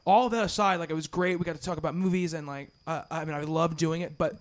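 A man's voice: a little high, fairly even intonation, fast. A man hosting a podcast in casual chat, rambling with many restarts and fillers. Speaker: podcast host.

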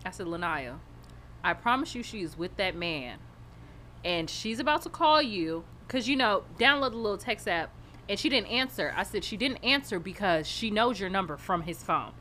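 A woman's voice: medium pitch, animated, normal speed, bright, forceful tone, a little hiss or hum. A woman co-hosting a podcast, ranting bluntly in a casual chat with plenty of swearing. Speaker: podcast co-host.

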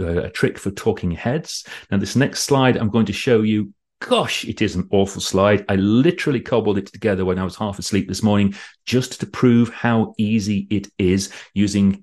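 A man giving an online conference talk on presentations, lively and conversational, with a fairly low voice. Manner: lively, animated, loose and conversational. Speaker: presentation coach.

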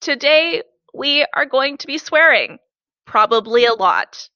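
Woman, podcast co-host, wry, chatty, bright voice, dry dull recording. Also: sits high, sing-song, unhurried, no echo. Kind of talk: casual podcast chat.

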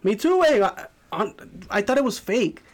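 A man's voice: sits high, sing-song, normal speed. A man co-hosting a podcast in casual chat among friends, slangy, chiming in with short reactions. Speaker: podcast co-host.

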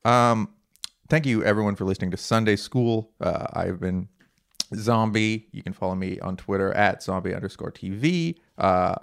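A man co-hosting a casual comedy podcast. He jokes loosely, tossing off quick asides and laughing often. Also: fairly low pitch, gravelly. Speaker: podcast co-host.

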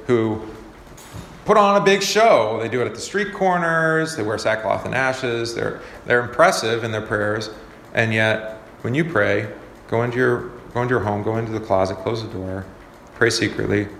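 A man's voice: fairly low pitch, fairly bright tone. A man, a pastor, leading a casual Bible study, talking conversationally and often asking the group questions. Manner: conversational, asks the group questions, many fillers. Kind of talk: casual teaching talk. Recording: roomy echo, faint background noise.

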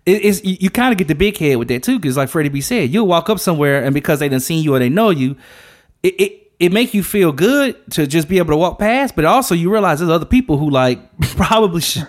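A man's voice: a little high, expressive, fast talker. A man co-hosting a podcast in casual, conversational chat, with hesitant restarts. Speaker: podcast co-host.

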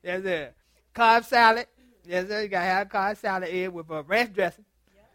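A man's voice: sits high, steady tone, moderate pace, sharp tone, dry recording. A man, a pastor preaching in a chatty, joking way, often stammering and repeating words as he quizzes his congregation in a church meeting room. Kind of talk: conversational sermon with open dialogue.

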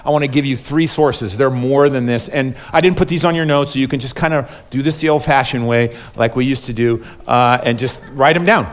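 A man's voice: mid-range voice, a little fast, hardly any pauses. A male pastor preaching a sermon in an emphatic, repetitive way, calling on the congregation to respond.

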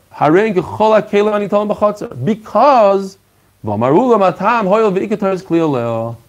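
A man teaching a Talmud class, talking quickly and with excitement, mixing in Hebrew and Aramaic terms and acting out the rabbis he quotes. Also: sits high.

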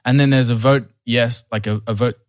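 A young man tells a long story in a relaxed conversation. He restarts his sentences and fills gaps with "like" and "um." His voice sits at a middle pitch and is recorded dry and close. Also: moderate pace, dry recording. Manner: rambling, many restarts and fillers. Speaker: podcast guest.

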